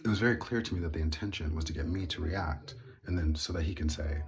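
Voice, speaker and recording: A man's voice: deep voice, fast. A man telling a personal story in a casual monologue, earnest and indignant with wry laughs. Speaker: vlogger.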